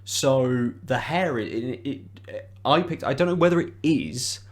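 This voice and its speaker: A man's voice: mid-range voice, animated, measured pace. A man co-hosting a podcast in casual chat, hesitant, often restarting his sentences as he thinks aloud. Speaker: podcast co-host.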